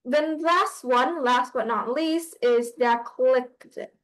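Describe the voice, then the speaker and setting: A woman's voice: high-pitched, slow, poor audio. A woman teaching a class, hesitant, with many fillers and restarts. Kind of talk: online class lesson.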